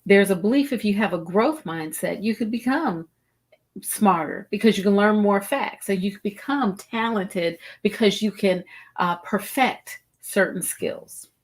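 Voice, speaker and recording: A middle-aged woman hosting a live-streamed wellbeing talk show, speaking deliberately and repeating phrases for emphasis to her viewers. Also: mid-range voice. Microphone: streaming setup, video call style.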